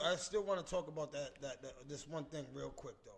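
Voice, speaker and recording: A man hosting a casual solo podcast, talking in an animated way with lots of stammered restarts and trash talk. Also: medium pitch, fairly quick, gravelly. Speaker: podcast host. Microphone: streaming mic.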